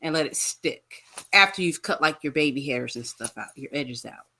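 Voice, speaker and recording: A woman guest chatting casually about a reality show, blunt and quick to call out lies. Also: sits low, sharp tone. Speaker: guest co-host. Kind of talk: casual chat.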